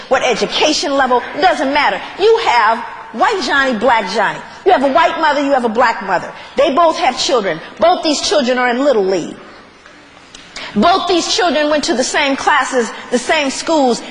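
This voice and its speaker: A woman gives a live lecture to an audience, often laughing and questioning the crowd. Her very high voice swings widely, and clear noise runs under the recording. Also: fairly bright tone.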